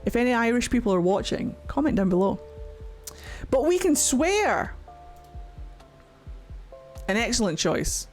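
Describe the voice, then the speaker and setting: A woman's voice: a little high, very animated, a little slow, long pauses, soft background music. A Scottish woman chatting casually on a livestream, talking freely and swearing often. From Scotland. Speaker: streamer.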